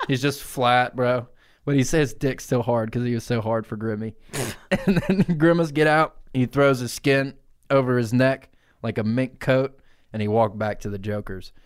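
A man of middling pitch riffs through an improvised, crude comic tale on a podcast. He swears freely and keeps breaking into laughter as he talks. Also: a little slow, smooth. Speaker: podcast co-host.

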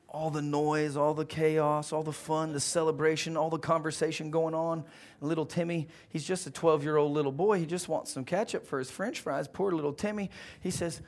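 A male pastor preaching a sermon, telling a story with animated swings from quiet to loud. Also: a little high, moderate pace.

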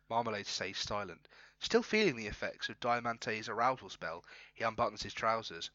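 A man's voice: on the low side, expressive, moderate pace, hardly any pauses, sharp tone, no echo, muffled recording. A man reading aloud his own comic story in a casual chat, often laughing and breaking off to comment.

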